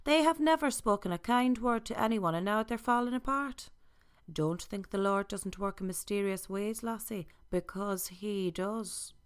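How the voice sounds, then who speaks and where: A woman voicing a warm-hearted older woman with a homely, confiding manner. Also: mid-range voice, normal speed, clear, resonant tone, natural voice.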